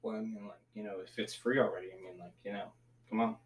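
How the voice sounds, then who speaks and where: A man's voice: fairly low pitch, fairly even intonation, fast. A man co-hosting a podcast, making dry, teasing asides. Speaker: podcast co-host. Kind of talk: casual podcast banter.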